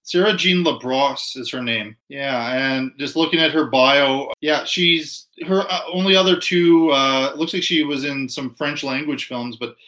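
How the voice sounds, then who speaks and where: A man's voice: mid-range voice, measured pace, hardly any pauses, pushed and bright. A man hosting a movie podcast, recapping a film's plot in detail with frequent restarts and asking his guest questions. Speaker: podcast host. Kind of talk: casual movie review chat.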